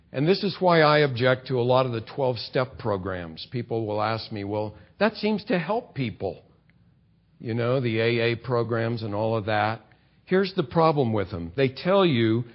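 A man's voice: mid-range voice, dull audio. A man preaching a sermon in a conversational way, explaining scripture and asking his listeners rhetorical questions. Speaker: pastor.

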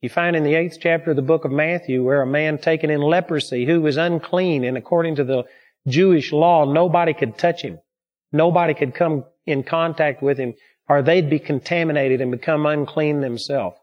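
A man preaching a sermon, telling personal stories in an earnest, steady way. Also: a little high, normal speed. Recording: dull lo-fi recording.

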